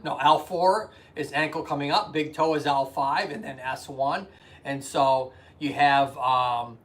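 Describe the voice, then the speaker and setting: A man's voice: fairly high pitch, a bit bright. A chatty man hosting a casual live stream, greeting viewers by name and explaining anatomy with rambling asides. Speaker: physical therapist and live streamer. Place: indoors at home.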